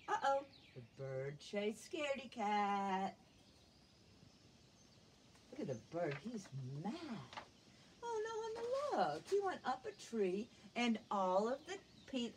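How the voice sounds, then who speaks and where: Teacher, woman, storytime reader for small kids: slow, lively melody, gentle questions. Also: medium pitch, a little hiss or hum. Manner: expressive, gentle storyteller asking children questions. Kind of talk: reading a picture book aloud to young children.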